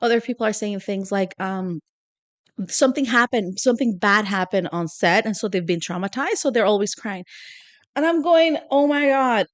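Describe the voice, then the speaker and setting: A woman co-hosting a podcast in casual chat, talking in an animated way and laying things out step by step. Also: medium pitch, normal speed, dry recording. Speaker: podcast co-host.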